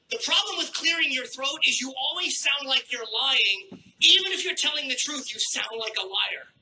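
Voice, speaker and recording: High, bright-voiced brash stand-up comic. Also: male voice, lively intonation, moderate pace, low-quality recording. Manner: crude, brash and sardonic, with acted-out asides. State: throat trouble, clears his throat often. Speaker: stand-up comedian. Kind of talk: live stand-up set. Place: comedy club stage.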